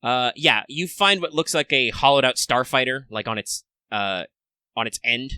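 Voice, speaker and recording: A man's voice: mid-range voice, moderate pace, pushed and bright, smooth, no room sound. A man running a tabletop game as game master, rambling with many fillers and restarts.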